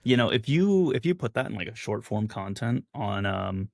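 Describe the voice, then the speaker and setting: A man's voice: fairly low pitch, sing-song, moderate pace, creaky, no room sound, studio quality. A man hosting a podcast, chatting casually about sports and steering the talk with questions. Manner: leads the talk, poses questions. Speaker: podcast host.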